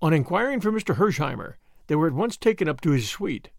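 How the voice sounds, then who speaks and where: A man reading a novel aloud as a narrator, expressive and animated, on a close mic. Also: a little high, quick pace, vocal fry, no echo. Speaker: audiobook narrator. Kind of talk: scripted narration.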